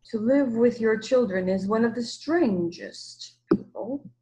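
A woman reading puts on a vast, gentle old storybook monster. It talks in a slow, grave way, and now and then its voice sinks to a near whisper. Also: on the high side, lightly acted, poor audio. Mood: solemn. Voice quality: slow deliberate speech, hushed at times.

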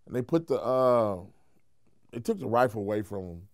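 A man, a comedian, telling an animated, profane story in an interview, mimicking the people he quotes. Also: moderate pace, gravelly, dry recording, clean studio sound. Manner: profane, acts out quotes in high voices, laughs while telling.

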